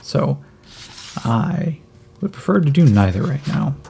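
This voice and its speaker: A man voicing a skinny, starving cyborg boy who jokes darkly and rambles, in a gravelly voice a little higher than his own. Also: big pitch swings, unhurried, dark tone, full character voice. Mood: joking. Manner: wry, rambling, gallows humor. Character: skinny starving cyborg kid, chatty, joking.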